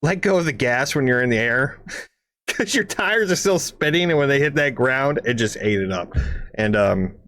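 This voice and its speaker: A middle-pitched man spins a loose, rambling anecdote on a casual podcast, peppering it with profanity and constant "right?" check-ins. He animates the tale with his own whirs and booms, and the sound is close and dry, with no room around it. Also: normal speed, no echo. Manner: animated, makes engine noises and sound effects. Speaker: podcast co-host. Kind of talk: casual storytelling chat.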